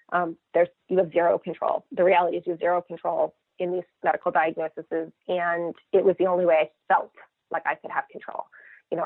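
A woman's voice: lowish voice, no room sound. Woman talking over a tinny phone line. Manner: lively, expressive, acts out quoted voices. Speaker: guest, mother of a child cancer patient. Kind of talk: casual interview storytelling.

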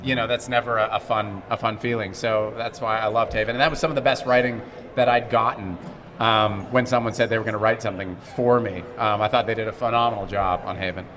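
A middle-aged man from Montreal, an actor being interviewed at a convention, who talks in casual animated stories, restarts his sentences and acts out the quotes. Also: on the low side, fast, a little hiss or hum. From Montreal, Canada. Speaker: actor guest. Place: convention hall.

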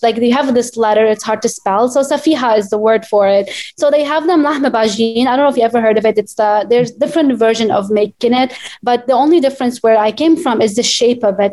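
A woman, an excited, gushing podcast guest full of fillers. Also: fairly high pitch, brisk. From Lebanon. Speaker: podcast guest, food blogger. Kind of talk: casual chat.

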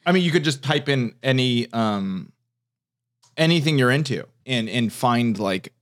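Animated man telling stories casually. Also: medium pitch, a little slow. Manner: animated storyteller, restarts and fillers. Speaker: comedian guest. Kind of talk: casual podcast chat.

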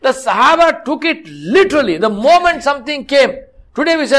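A middle-aged mosque preacher delivers a sermon in a very high, fairly bright voice, speaking fairly quickly and with great animation. He tells stories full of frequent restarts and scolds his listeners with rhetorical questions.

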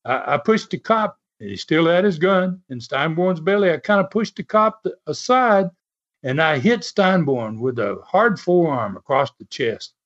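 A man's voice: fairly high pitch, lively intonation, normal speed, fairly bright tone. A man as an interview guest, telling a story in a casual, chatty way and laughing often. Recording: dull lo-fi sound.

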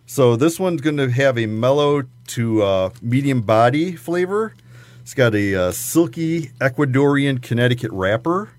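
A man's voice: mid-range voice, lively intonation, moderate pace, darkish tone, dry recording. A man, a guest talking casually and at length about cigars, with many fillers and restarts. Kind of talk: casual chat.

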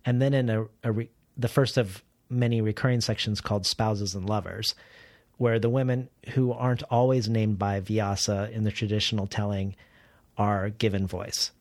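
A man's voice: lowish voice, fairly even intonation, moderate pace, darkish tone, dry recording. A man interviewing an author, asking long, careful questions with small restarts.

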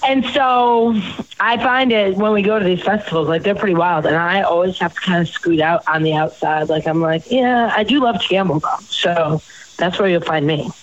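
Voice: medium pitch, steady tone, moderate pace, highs cut off. A host rambling through profane personal stories in a casual chat.

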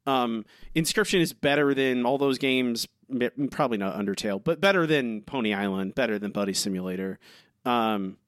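A man's voice: medium pitch, animated, moderate pace, dry recording, clean studio sound. A young man co-hosting a podcast, chatting casually and earnestly, often stopping and restarting his sentences. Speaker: podcast co-host. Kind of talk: casual chat.

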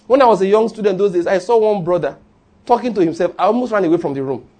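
A man preaches to his congregation in a slightly husky, fairly high voice. He keeps it light and conversational, joking between points and calling out lines for the room to repeat. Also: fast, darkish tone. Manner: humorous, conversational preaching with call-and-response. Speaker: pastor. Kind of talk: sermon.

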